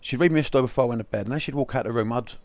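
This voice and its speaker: A man hosting a podcast talks at a breakneck clip, restarting and repeating words as ideas tumble out. His voice is dry and close, with nothing ringing around it. He tells stories with lively quoted voices. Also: medium pitch, rapid-fire, no echo. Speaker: podcast host and therapist. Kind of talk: casual interview chat.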